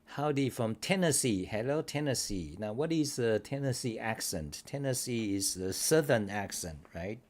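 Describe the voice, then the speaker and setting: A man's voice: mid-range voice, lively intonation, moderate pace, hardly any pauses, a little mellow. A man hosting a casual livestream talk show, rambling bluntly with some swearing and answering chat comments. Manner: reads and answers live chat. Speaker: host.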